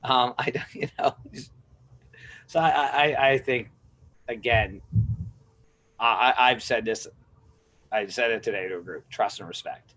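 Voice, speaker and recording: A man's voice: medium pitch, unhurried, long pauses, rough recording. A middle-aged man from the United States, a gym manager and strength coach, talking casually as a podcast guest and acting out quotes with a raised voice. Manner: animated storyteller, acts out quotes with a raised voice. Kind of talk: casual interview talk.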